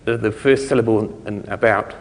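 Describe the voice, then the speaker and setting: A man's voice: lowish voice, steady tone, moderate pace. New Zealand man talking in a reverberant hall. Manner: loose and conversational, self-correcting, chuckling. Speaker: conference speaker. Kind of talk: technical talk on speech recognition.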